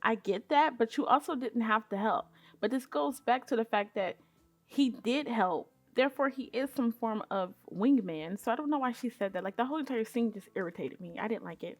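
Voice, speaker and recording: A woman giving casual recap commentary on a show, sassy and candid, with colloquial phrasing and sudden jumps in pitch when she quotes people. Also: animated, moderate pace, darkish tone, soft background music. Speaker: YouTube commentator.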